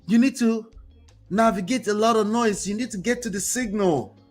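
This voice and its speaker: A man hosts a motivational commentary show and preaches to his viewers with lots of energy. His voice sits high for a man. Faint music plays under his talk. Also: normal speed. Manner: preachy, animated, talks to the audience directly. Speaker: host.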